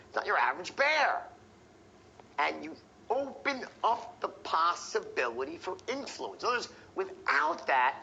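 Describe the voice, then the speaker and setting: A man teaching a sales training session, animated and profane, acting out the tones of voice he teaches. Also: high-pitched, creaky, muffled recording, slight background noise.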